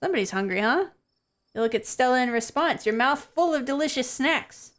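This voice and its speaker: A woman streamer reading a visual novel aloud, playful and animated, giggling between lines. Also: high voice, normal speed.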